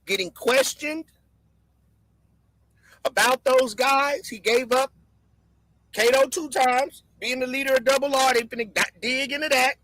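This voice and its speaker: Bright high-voiced man hosting a live stream. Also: steady tone, measured pace, pauses often, no room sound, low-quality recording. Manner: emphatic, repeats key lines for effect. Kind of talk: casual live-stream commentary.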